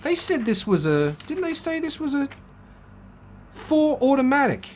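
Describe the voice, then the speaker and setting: A man's voice: very high voice, sing-song, measured pace, a little hiss or hum. A man chatting casually as he flips through a car magazine, musing aloud and joking. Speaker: car channel host.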